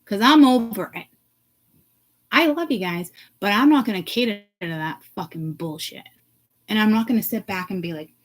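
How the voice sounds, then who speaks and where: Woman vlogger of middle pitch, heated profane rant, hushed then loud. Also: lively intonation, moderate pace, poor audio. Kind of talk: ranting to camera.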